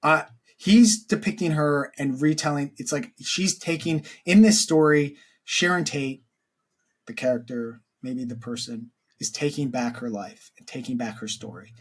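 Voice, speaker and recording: A man's voice: medium pitch, a little slow, breathy edge. A man co-hosting a film podcast, talking casually and earnestly, full of "like" and restarts. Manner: rambling, heavy use of "like", earnest. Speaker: podcast co-host.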